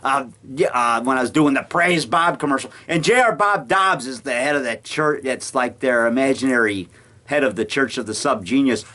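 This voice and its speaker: An amateur filmmaker in middle age chats casually in his home basement in a rambling monologue. His medium-pitched voice sounds pushed and bright at a moderate pace, and his stories come with plenty of chuckles and acted-out quotes.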